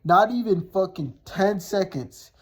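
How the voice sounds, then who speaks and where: A man's voice: sits high, expressive, measured pace, breathy edge. Young man telling a blunt storytime. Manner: profane, blunt, rambling with many fillers. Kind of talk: casual storytime.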